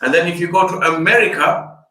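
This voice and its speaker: A man's voice: high voice, brisk, bright, forceful tone. An older man, an Islamic scholar, giving an explanatory fundraiser lecture. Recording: echoey room, distant mic.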